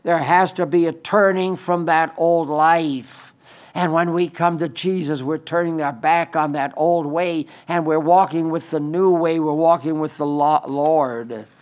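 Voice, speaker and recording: A man preaching a sermon in an earnest way, often repeating phrases for emphasis. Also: on the high side.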